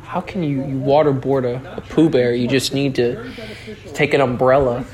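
A man hosting a casual solo podcast, joking around, swearing a lot and breaking into sudden yells. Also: medium pitch, fairly even intonation, moderate pace, a crowd in the background. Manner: profane, joking, with sudden yelling outbursts. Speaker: podcast host.

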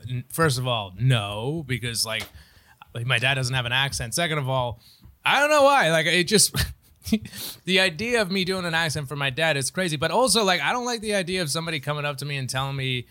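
A man's voice: fairly high pitch, animated, fairly quick, sharp tone. A man, a comedian co-hosting a podcast, chatting casually and laughing often as he tells a story.

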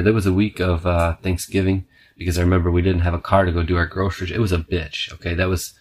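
Low-voiced profane storytelling man. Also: level tone, fast talker. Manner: profane, rambling, punctuates with "okay"; restless, self-described scatterbrained. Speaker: podcast host. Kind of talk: casual storytelling monologue.

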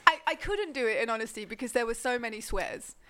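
English woman, high voice, podcast host, giggly and rambling. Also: lively intonation, bright, forceful tone, a little hiss or hum. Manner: giggly, rambling, quick to laugh. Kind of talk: casual chat.

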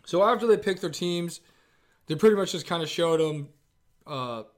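A man co-hosting a casual chat, retelling a TV episode with lively acted-out quotes. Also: on the high side, moderate pace. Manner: animated retelling, acts out quotes in a raised voice. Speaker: podcast co-host. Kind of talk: casual chat recapping a TV show.

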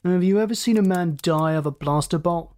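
A man's voice: high-pitched, fairly quick, darkish tone, lightly acted. A reader voicing a cool, mocking male villain who drawls his threats in a storybook reading. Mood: cool menace.

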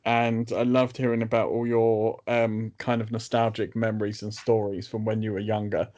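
A man's voice: fairly low pitch, little pitch movement, moderate pace, a little mellow. Man, podcast host, casual chat, easygoing, laughs a lot.

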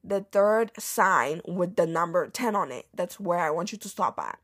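A woman's voice: on the low side, expressive, moderate pace. A young woman hosting a podcast, telling a casual storytime rant with slang and swearing. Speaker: podcast host.

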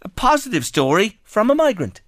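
An Irish man hosting a radio show, chatting in an animated, joking way with quick asides. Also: high voice, slight background noise. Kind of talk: casual radio chat. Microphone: studio microphone.

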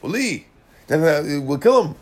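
Animated man teaching a Talmud class. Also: a little high, a little slow, husky. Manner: animated, checks in with listeners; mixes Hebrew and Aramaic terms into English. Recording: class recording.

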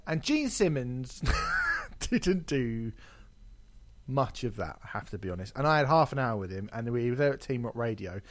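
A man hosting a casual podcast, spinning stories with frequent swearing and laughter. His pitch is middling but swings widely up and down as he gets worked up. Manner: animated, swearing storyteller, quick to laugh. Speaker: podcast host. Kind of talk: casual chat.

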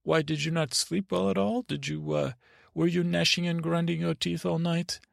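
A man voicing a fussy, ill, older fairy godmother who asks prying, halting questions. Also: fairly high pitch, level tone, gravelly, dry recording, clean studio sound, pitched above the performer's own voice.

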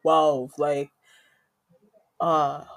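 A woman's voice: low-pitched, little pitch movement, very slow. A woman co-hosting a casual chat show, chatty and laughing often. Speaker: podcast co-host.

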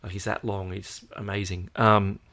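A man's voice: deep voice, level tone, normal speed, pushed and bright. A tired Australian man chatting casually to his viewers as host, rambling with many hesitations and fillers. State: tired, yawning. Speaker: podcast host.

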